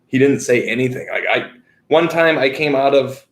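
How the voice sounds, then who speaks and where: A young man co-hosting a podcast, telling stories in a profane, animated way. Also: mid-range voice, normal speed, echoey room. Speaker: podcast co-host. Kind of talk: casual chat.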